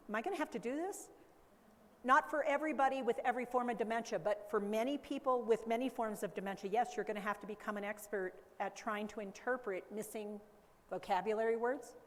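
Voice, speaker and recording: Female speaker, high-ish voice, animated conference lecturer, long hall reverb. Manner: animated, acts out baby talk and caregiver voices. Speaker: dementia care educator. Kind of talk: conference talk.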